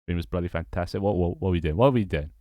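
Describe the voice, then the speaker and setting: A man's voice: deep voice, rapid-fire, dark tone, no echo. A young man chatting casually on a livestream, rambling and repeating his phrases as he greets viewers. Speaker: streamer and game developer.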